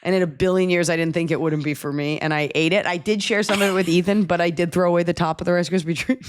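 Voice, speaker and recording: A woman's voice: fairly low pitch, steady tone, fast, a little hiss or hum. A woman in her forties hosting an advice podcast, chatting casually and acting out little lines to make her point. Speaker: podcast host.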